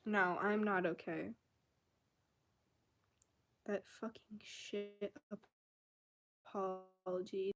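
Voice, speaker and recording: A young woman rants angrily in a casual vlog, swearing a lot and sounding exasperated and fed up. Her voice is medium-pitched and level, with drawn-out words and frequent pauses.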